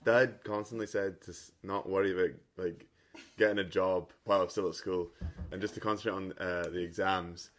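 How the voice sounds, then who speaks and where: A man's voice: deep voice, steady tone. A young man, a butcher recalling his start in an easygoing way, stumbling over words and restarting. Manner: stumbling, with quick bursts and restarts. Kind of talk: casual interview recollection.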